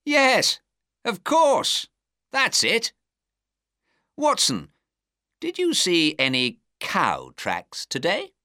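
A man voicing an eager male detective in a storybook reading, full of excited, probing questions. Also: fairly high pitch, slow, no echo, clean studio sound, pitched above the performer's own voice, full character voice.

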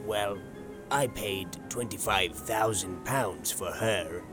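Gruff male sea captain, read by a man, low voice, unhurried blunt delivery. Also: music in the background. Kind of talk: audiobook dialogue.

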